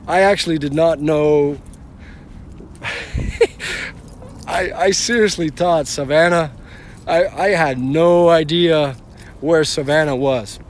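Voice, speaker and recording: A man's voice: on the high side, a little hiss or hum. A man driving for rideshare, telling a story on a casual live stream in a rambling way, restarting often and swearing casually.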